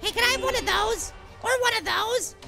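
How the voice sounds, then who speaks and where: A performer voicing a tiny, excitable cartoon apple who hosts a gaming video, yelling and giving silly names to the monsters. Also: extremely high pitch, a little fast, vocal fry, music in the background. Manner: excitable, shrieks and yells, silly name-calling. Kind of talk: cartoon character game commentary.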